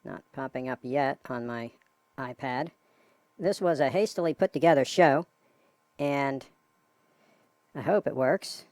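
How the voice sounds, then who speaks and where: A man hosting a casual live stream, talking in a relaxed, chatty way to viewers he calls folks. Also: mid-range voice, a little slow, pauses often, dry recording. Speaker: host.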